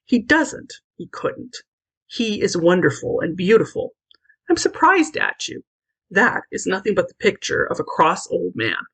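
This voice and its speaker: A woman's voice: fairly low pitch, big pitch swings, a little slow, fairly bright tone, breathy edge, full character voice. A woman reading aloud, voicing a confident, scornful girl who tells stories in a storybook. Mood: impatient. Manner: impatient, confident.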